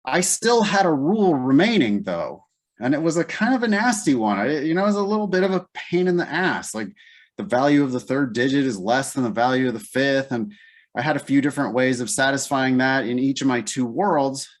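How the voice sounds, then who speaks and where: A man's voice: mid-range voice, expressive, brisk. A man leading a live test-prep class, thinking aloud step by step in a casual way. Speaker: LSAT teacher.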